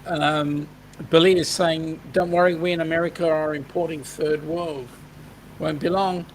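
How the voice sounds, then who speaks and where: A man's voice: a little high, steady tone, normal speed, slight background noise, poor audio. Australian man reading viewer comments. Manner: reads out viewer comments, joking. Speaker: host. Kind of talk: casual live-stream chat.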